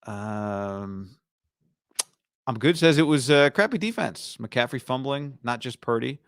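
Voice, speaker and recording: A male sports talk host riffs through a casual commentary monologue, hammering points home with repeated phrases. His voice sits at an ordinary middle pitch. The sound is dry and close, with no room around it. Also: lively intonation, moderate pace, fairly bright tone, no echo. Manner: emphatic, repeats lines for punch.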